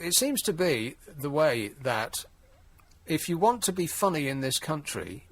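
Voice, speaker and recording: A man's voice: a little high, very animated, unhurried, fairly bright tone, no echo. A man hosting a late-night radio phone-in, wry and exasperated, rambling with frequent restarts. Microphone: studio mic.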